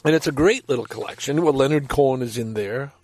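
A vlogger with a mid-range, darkish voice talks quickly as he rambles casually about his books, interrupting himself with enthusiasm. He breaks off to read poems aloud expressively, and the recording is dry.

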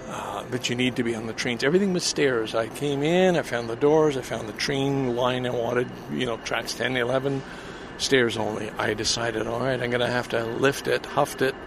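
Outdoors in a city, at a station and then on a bench, an older man from Canada rambles casually to his audio vlog listeners in a gravelly, mid-range voice. The vlogger and podcaster often breaks off mid-thought and starts again. Street and vehicle noise is audible behind him.

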